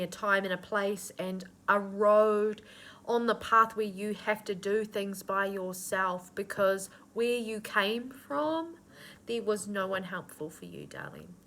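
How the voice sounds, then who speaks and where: A woman's voice: medium pitch, expressive, a little slow, a bit bright. A woman giving a channeled spiritual reading, earnest and nurturing, with casual swearing mixed into her affirmations. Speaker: intuitive reader.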